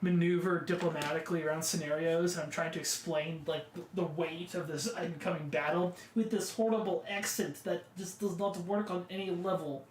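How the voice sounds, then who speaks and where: Young male co-host, high voice, lively storyteller, roomy sound. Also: fairly quick, few pauses, a little hiss or hum. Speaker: podcast co-host. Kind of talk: casual chat. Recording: roomy echo.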